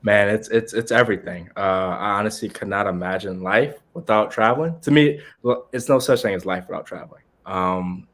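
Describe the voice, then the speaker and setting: Brief: deep-voiced male guest, sincere and thoughtful in tone. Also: fairly quick, few pauses, a bit bright. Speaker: guest, traveler. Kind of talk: casual interview answer.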